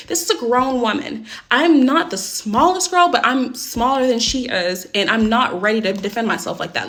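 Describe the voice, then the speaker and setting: A young woman telling a personal story in a casual storytime vlog, blunt and swearing often, speeding up and getting animated when upset. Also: a little high, normal speed, hardly any pauses.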